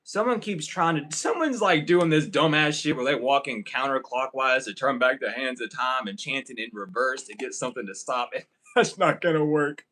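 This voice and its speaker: A man's voice: medium pitch, moderate pace, bright, forceful tone, poor audio. A man giving a casual spiritual reading to camera, rambling and profane, often breaking into laughter. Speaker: tarot reader.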